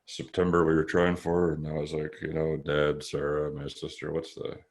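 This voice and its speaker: A man's voice: extremely low pitch, monotone, moderate pace. A man as a podcast host in casual chat, rambling loosely and swearing a lot.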